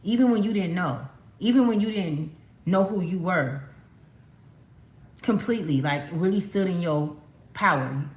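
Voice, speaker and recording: Chatty slang-heavy woman with a low voice. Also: unhurried, pauses often. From California. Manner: chatty, emphatic, slangy, addresses viewers as y'all. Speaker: tarot card reader. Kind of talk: casual spiritual reading to viewers. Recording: echoey room.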